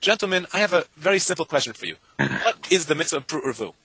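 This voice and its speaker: A man teaching a Talmud class to students, animated and talking in rapid bursts, chanting the Hebrew and Aramaic texts in a sing-song lilt. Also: fairly high pitch, slightly rough, no echo, poor audio.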